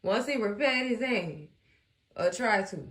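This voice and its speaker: A woman hosting a casual TV recap, animated and acting out the characters as she chats to her viewers. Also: medium pitch, a little slow, roomy sound. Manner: animated, acts out characters, talks to viewers as cousins. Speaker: recap host.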